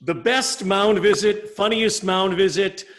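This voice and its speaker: A man's voice: sits high, fairly even intonation, unhurried, a bit bright. A man hosting a video call interview, upbeat and prompting his guests. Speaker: host. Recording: noisy video call audio.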